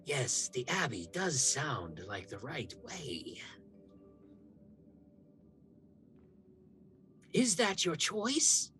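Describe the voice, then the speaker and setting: A man voicing a sly male fae prince of a dark court, in a slow hushed whisper, as whispered role-play. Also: mid-range voice, huge pitch swings, soft background music, heavily acted.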